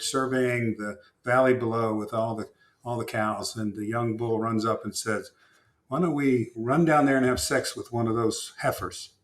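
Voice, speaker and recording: A man, an author who is a guest on a podcast, answering in a thoughtful, measured way and pausing with uhs. He speaks in a conversational interview style. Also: mid-range voice, a bit bright, reverberant.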